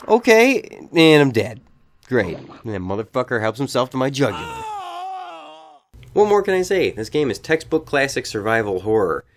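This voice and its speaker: Animated, profane male game reviewer. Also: medium pitch, normal speed, slight background noise. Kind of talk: comedic game review voice-over.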